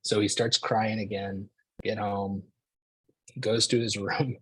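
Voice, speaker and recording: A man's voice: lowish voice, little pitch movement, slow pace, fairly bright tone, slightly rough, no echo, poor audio. A man in his forties telling a personal story to an audience in a casual, conversational way, often saying "like" and "right?". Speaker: speaker.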